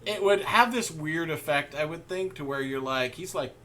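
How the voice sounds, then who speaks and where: A man's voice: fairly high pitch, normal speed, sharp tone. A man running a tabletop game as game master, rambling with fillers and laughing often. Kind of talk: narrating a tabletop game over an online call.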